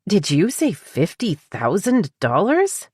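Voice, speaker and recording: A woman's voice: mid-range voice, huge pitch swings, slow pace, a little mellow, husky, no echo, clean studio sound, pitched above the performer's own voice, heavily acted. A woman doing a skeptical thrifty mother-in-law. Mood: indignant. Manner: questioning, disapproving.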